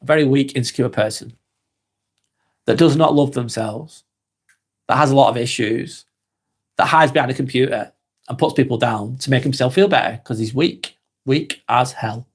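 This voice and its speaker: A man's voice: medium pitch, moderate pace, long pauses, husky. An English man hosting a live stream, reading viewers' comments aloud and answering them bluntly, with frequent ums and repeated words. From England. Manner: blunt, dismissive of trolls, repeats himself with ums.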